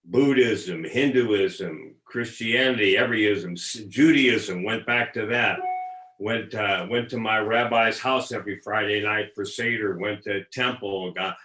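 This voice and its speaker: A man in his seventies, a guest, telling a story slowly and reflectively, with some hesitation. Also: on the low side, bright, forceful tone, reverberant, low-quality recording. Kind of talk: casual storytelling.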